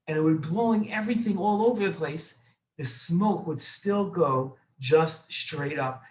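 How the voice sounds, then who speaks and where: A man's voice: fairly high pitch, reverberant, poor audio. A man, a rabbi, telling a children's story in an explanatory way, talking to the listener directly.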